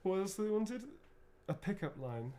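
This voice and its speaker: A man's voice: high voice, animated, a little slow, dark tone, a little hiss or hum. A man, an actor, chatting casually and rambling through a livestream autograph signing, swearing freely as he goes.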